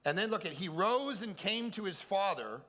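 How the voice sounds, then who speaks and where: A middle-aged man, a pastor, giving an energetic, joking sermon and acting out funny quotes in a higher voice. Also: moderate pace. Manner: animated, jokey storyteller acting out quotes in a high voice. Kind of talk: energetic comic preaching. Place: large hall at a camp.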